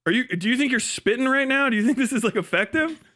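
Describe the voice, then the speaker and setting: A high-pitched man holds forth on a livestream in a heated, profane rant. He talks in a mocking, scornful way and keeps laughing at his own lines. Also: animated, quick pace, pushed and bright. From United States. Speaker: livestream host.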